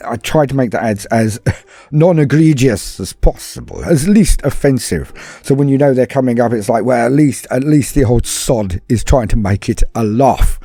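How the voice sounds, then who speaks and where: A man from southern England with a BBC English accent and a warm, medium-pitched voice answers patron questions on a casual podcast Q&A. He's chatty and self-deprecating, wandering off into rambling asides.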